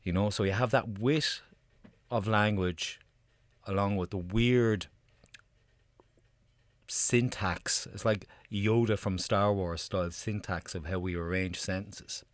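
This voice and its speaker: A man's voice: on the low side, steady tone, takes it slowly, dry recording. A man from Ireland, a channel presenter explaining things in a conversational voice-over.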